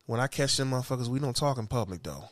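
A man hosting a casual chat, joking and cursing, swinging from loud to soft. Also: mid-range voice, expressive, rapid-fire, dry recording, studio quality. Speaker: podcast host.

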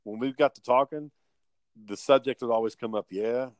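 A man's voice: mid-range voice, fairly quick, dry recording. A man telling rambling, profane family stories in casual podcast chat.

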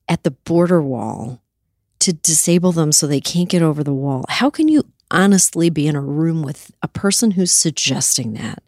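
A woman's voice: sits low, darkish tone, dry recording, studio quality. A woman host answering interview questions in a heated, emphatic, profane way, with bursts of indignation. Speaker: talk show host.

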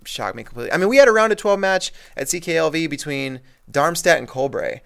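A man's voice: on the high side, expressive, fast, vocal fry, fairly bright tone, smooth. A man co-hosting a casual sports podcast, talking in long rambling turns full of fillers. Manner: rambling, many fillers and restarts. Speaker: podcast co-host.

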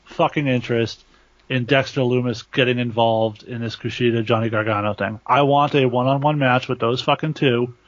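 A blunt man co-hosting a podcast who criticizes freely and swears heavily. His mid-pitched voice sits close and dry, with dull lo-fi audio. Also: steady tone, normal speed, no room sound. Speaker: podcast co-host. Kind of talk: casual chat.

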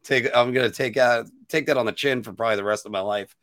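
A man's voice: medium pitch, quick pace, fairly bright tone, no room sound, studio quality. A man co-hosting a casual hockey podcast, laughing at his own slips and mocking himself as he talks. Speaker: podcast co-host.

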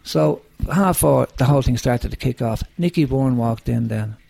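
Gravelly Dublin man, swearing storyteller. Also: medium pitch, moderate pace. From Ireland, Dublin. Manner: profane, animated storytelling, frequent "you know". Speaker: musician guest. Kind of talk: casual conversation, storytelling.

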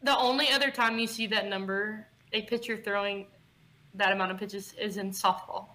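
A woman's voice: mid-range voice, fairly even intonation, normal speed, pushed and bright, a little hiss or hum, low-quality recording. A woman co-hosting a podcast in casual chat, bubbly and chatty. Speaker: podcast co-host.

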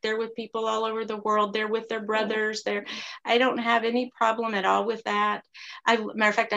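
A middle-aged woman speaks with a gravelly, slightly raised voice. She tells a story from her own life in an earnest, confessional way and reflects on it from a faith-minded angle. She sounds like a single mother talking plainly at home. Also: on the high side, a bit bright, highs cut off. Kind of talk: candid personal storytelling.

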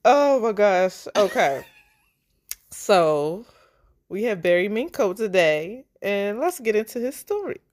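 A woman's voice: mid-range voice, very animated, takes it slowly, a little mellow. Woman, chatty podcast host. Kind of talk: casual true-crime podcast chat.

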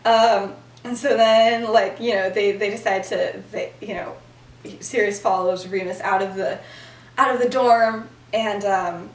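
A woman's voice: medium pitch, fairly even intonation, measured pace. A young woman retelling a story to a friend on a podcast, chatty and full of "like" fillers, laughing as she goes. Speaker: podcast host. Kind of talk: casual storytelling. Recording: roomy sound from far off.

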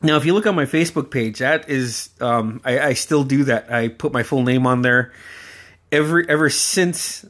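A man's voice: medium pitch, normal speed, a bit bright. A man from Alaska hosting a podcast, telling personal stories in a rambling, casual way, laughing often and swearing freely. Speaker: podcast host.

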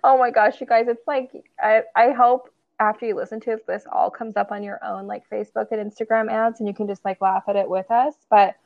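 A woman's voice: mid-range voice, fairly even intonation, fairly quick, creaky, hardly any pauses, phone-quality sound. A woman co-hosting a casual podcast as a therapist, chatty, laughing often and using lots of fillers.

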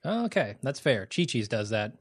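A man's voice: medium pitch, big pitch swings, moderate pace, no echo. A man from the Midwest talks through a TV episode with a co-host in an easygoing, profane way, often laughing. His voice sits in a middle register and the sound is dry and close, with no room around it. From American Midwest. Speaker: podcast co-host. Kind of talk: casual TV recap chat.

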